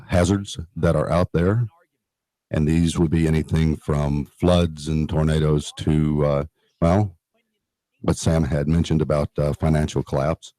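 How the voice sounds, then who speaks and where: Deep, dark-voiced earnest man. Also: no echo. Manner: earnest, explanatory, with frequent fillers and restarts. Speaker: radio guest from a neighborhood emergency preparedness group. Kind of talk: radio talk interview.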